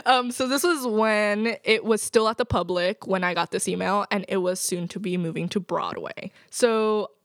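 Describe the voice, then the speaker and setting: A woman's voice: medium pitch, moderate pace, hardly any pauses, no echo, studio quality. Laughing, storytelling young woman. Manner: animated storyteller, laughs often. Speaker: podcast guest. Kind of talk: casual chat.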